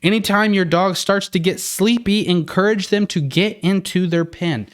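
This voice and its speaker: A man who trains dogs, hosting a podcast: he reads out a list of steps, then gives his own opinion in a relaxed, conversational way. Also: high voice, normal speed, dry recording, studio quality. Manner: conversational, with fillers and restarts. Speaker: dog trainer and podcast host. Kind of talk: casual podcast commentary.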